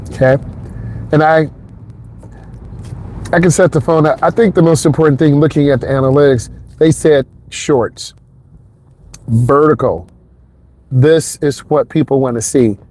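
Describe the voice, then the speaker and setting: A driving instructor rambles casually to the viewer as he drives an expressway, using a wireless clip-on mic plugged into his phone. He talks unhurriedly with long pauses, in a warm, steady, mid-range voice, and slight background noise is audible.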